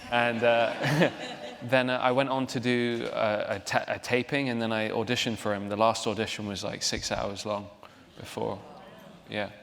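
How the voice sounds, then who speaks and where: A man's voice: mid-range voice, little pitch movement, normal speed, creaky, fairly bright tone. A young man, an actor guest at a live onstage interview, talking in a chatty, laughing, self-deprecating way with many restarts. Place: large theater hall, live audience. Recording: hall reverb.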